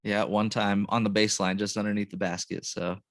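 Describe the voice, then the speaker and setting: Laid-back low-voiced podcast host. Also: male voice, little pitch movement, a little fast, dry recording. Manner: laid-back, says dude and man a lot. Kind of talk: casual chat.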